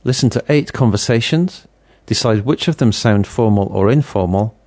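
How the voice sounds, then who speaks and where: A man with a fairly low voice reads out the instructions for a language-course exercise. He speaks in a measured, announcing way. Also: expressive, a little mellow. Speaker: course audio narrator.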